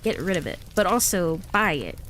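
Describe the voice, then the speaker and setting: A woman's voice: fairly low pitch, big pitch swings, moderate pace, a bit bright, slight background noise. A woman livestreamer chatting casually with her viewers, rambling, giggling often and restarting her sentences. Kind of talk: casual chat with live chat.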